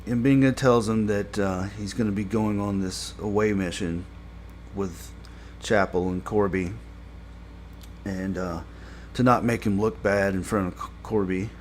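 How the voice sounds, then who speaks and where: A man talks through a TV episode review in a casual, meandering way, leaning on fillers and restarts. His voice sits fairly low and he takes his time. Faint noise hums in the background. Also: fairly even intonation, a little slow. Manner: rambling, heavy on fillers, gets exasperated and louder when complaining.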